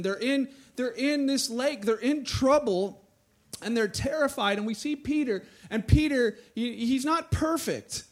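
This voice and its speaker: A man preaching a sermon to a church, reading scripture and acting out quotes with a rising, animated voice. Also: extremely high pitch. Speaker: pastor.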